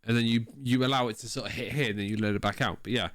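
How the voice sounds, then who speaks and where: A man's voice: medium pitch, fairly even intonation, rapid-fire, a bit bright, no room sound, clean studio sound. A man co-hosting a podcast, chatting casually and joking, with offhand swearing. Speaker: podcast co-host. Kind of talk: casual chat.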